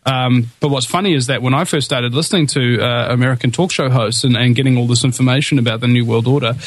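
A man's voice: medium pitch, fairly even intonation, fast talker. A man hosting a talk radio show, fervent and rallying, with frequent hesitations and restarts. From New Zealand. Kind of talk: impassioned talk radio commentary.

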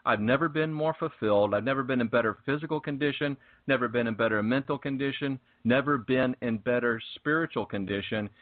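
A man's voice: medium pitch, a little fast, few pauses, dry recording. A man hosting a spiritual talk show, speaking with fervent, preachy emphasis in casual chat. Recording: tinny phone-like line.

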